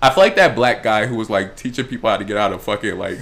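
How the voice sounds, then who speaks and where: A man from Chicago co-hosting a podcast, talking in a loud, animated and crude way with quick bursts of laughter. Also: lowish voice. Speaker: podcast co-host. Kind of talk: casual chat.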